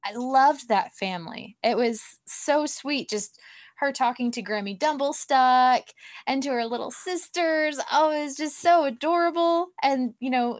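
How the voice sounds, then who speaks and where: A woman's voice: high-pitched, unhurried. A woman from Oklahoma co-hosting a casual fan podcast, talking in a bubbly, enthusiastic way. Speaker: podcast co-host. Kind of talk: casual chat.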